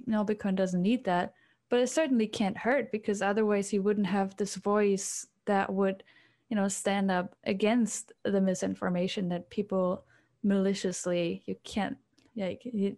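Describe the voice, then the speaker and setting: A woman's voice: medium pitch, fairly even intonation, moderate pace, mellow. A woman co-hosting a podcast, talking casually and explaining at length with fillers. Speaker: podcast co-host. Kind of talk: casual chat.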